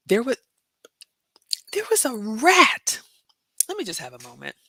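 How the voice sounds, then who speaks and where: A middle-aged woman from the American South with a Southern accent, telling a story to her vlog viewers in a chatty, animated way. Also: low voice, no echo. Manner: chatty and animated, addresses viewers as "y'all", laughs often. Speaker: vlogger.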